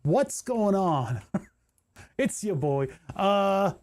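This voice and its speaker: A man's voice: high-pitched, very animated, drawn-out words, a little mellow. A man streaming live while soldering, explaining each step and muttering with frustration as he searches for parts. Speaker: streamer building electronics kits. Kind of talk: casual livestream commentary while soldering.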